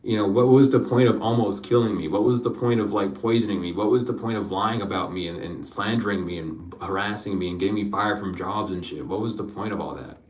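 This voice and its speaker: A man's voice: on the low side, fairly quick, hardly any pauses, echoey room, distant mic, poor audio. A man giving an emotional spiritual reading, rambling, repeating his questions and swearing freely. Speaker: spiritual card reader.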